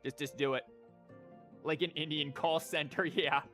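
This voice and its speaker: A man in his thirties streams a game, chatting casually in a rambling, jokey way with lots of fillers as game music plays. His voice is on the high side and sharp in tone, with a steady delivery at a moderate pace.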